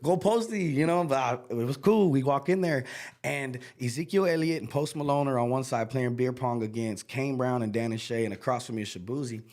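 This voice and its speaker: Middle-aged man, slangy guest storyteller, animated delivery, mid-range voice. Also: mid-range voice, a little fast. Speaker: guest country singer. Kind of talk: casual storytelling interview.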